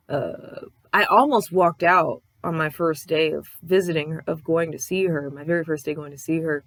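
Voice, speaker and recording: A woman's voice: low-pitched, moderate pace, few pauses, no echo. A young woman vlogger giving a candid, rambling life update, swearing freely and acting out other people's lines. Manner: acts out other people's lines in quoted voices. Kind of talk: casual life-update chat.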